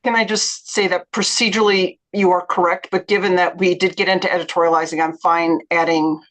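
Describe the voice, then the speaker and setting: A woman's voice: lowish voice, little pitch movement, fairly quick, fairly bright tone. A woman board member in a virtual meeting, speaking on procedure with light humor.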